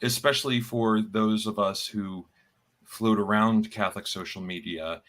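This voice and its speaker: A man co-hosting a podcast, chatting casually and halting with fillers and restarts. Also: on the low side, fairly bright tone. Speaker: podcast co-host. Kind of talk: casual chat.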